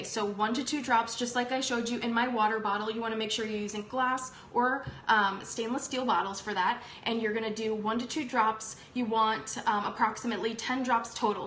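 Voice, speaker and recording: A woman's voice: a little high, fairly bright tone. Chatty woman in an echoey room. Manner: upbeat and chatty, many ums. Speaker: host. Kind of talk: casual livestream product talk. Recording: echoey room with faint background noise.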